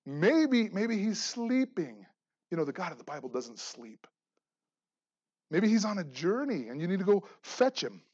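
A male pastor preaches in a high, lively voice that rises for emphasis and drops low for quiet asides, now and then joking with his listeners. The recording sounds dull and muffled. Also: moderate pace, breathy edge. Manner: animated, swings from loud emphasis to quiet asides; jokes and laughs with the congregation. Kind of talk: sermon.

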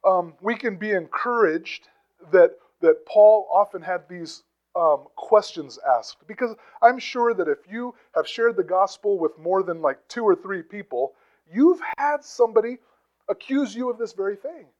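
A man's voice: sits high, animated, measured pace, darkish tone, highs cut off. A man preaching a conversational teaching sermon, with asides, rhetorical questions and emphatic bursts on key phrases. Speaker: pastor.

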